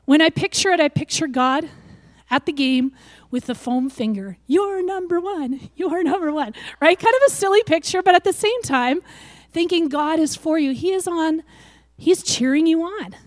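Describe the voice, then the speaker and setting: An older woman giving a sermon, lively and acting out the voices she quotes. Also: sits high, normal speed, dry recording. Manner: animated, acts out quoted voices. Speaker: preacher.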